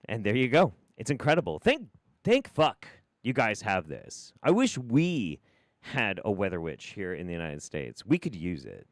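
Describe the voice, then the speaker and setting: A man hosting a live stream, giving sarcastic commentary, often laughing and swinging from loud bursts to quiet mutters. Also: lowish voice, wildly swooping pitch, moderate pace, no room sound, clean studio sound. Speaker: streamer host.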